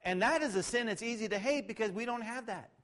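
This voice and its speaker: A middle-aged male pastor giving a conversational sermon, shifting between loud sarcastic mock voices and low asides. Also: fast talker.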